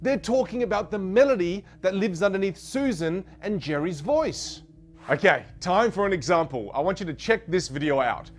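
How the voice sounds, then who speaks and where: Animated man coaching voice melody. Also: moderate pace, a little hiss or hum. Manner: animated, playful, demonstrates high and low pitches. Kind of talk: online course lesson.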